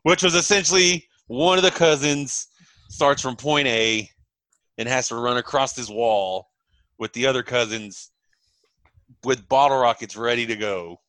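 A man from Texas, telling a childhood story in a relaxed, low-key way. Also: measured pace, dry recording, poor audio. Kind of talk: casual storytelling.

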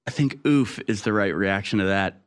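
A man's voice: fairly low pitch, normal speed. A man with an American accent hosting a talk radio show, delivering a sarcastic, mocking opinion monologue.

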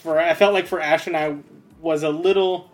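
A man's voice: a little high, steady tone, moderate pace, soft background music. A man co-hosting an anime podcast in casual chat, easygoing and rambling, with slangy asides. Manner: easygoing, rambling, slangy, says "you know what I mean". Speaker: podcast co-host.

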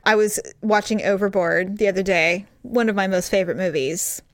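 Over a casual podcast chat, this woman co-host spins stories with animation and performs the quotes herself. She speaks at a moderate pace in a medium pitch, and there's no echo.

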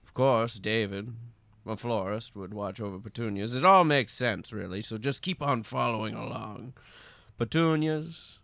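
A man hosting an improv comedy podcast, playful and quick to laugh, who narrates the group's story. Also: lowish voice, vocal fry, fairly bright tone, no echo.

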